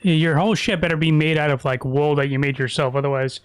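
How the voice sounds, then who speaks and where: A man's voice: a little high, fairly even intonation, quick pace, clear, resonant tone, dry recording. Man, gaming streamer, crude, profane, casual commentary, dry close sound.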